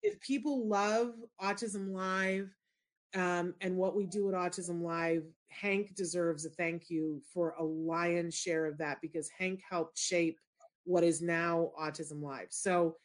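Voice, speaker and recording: A middle-aged woman hosting a show, telling a story in casual chat and acting out the people in it. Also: takes it slowly. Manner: expressive, shifts into high excited squeals when retelling. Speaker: show host.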